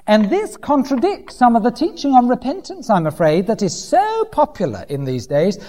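Animated preacher man in a hall. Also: high-pitched. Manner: animated, acts out quoted voices with dry humour. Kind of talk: sermon. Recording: long hall reverb.

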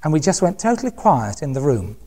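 A man, preaching by telling anecdotes in an animated way and acting out the voices of the people he quotes. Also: fairly high pitch, a little fast. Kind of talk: anecdotal sermon storytelling.

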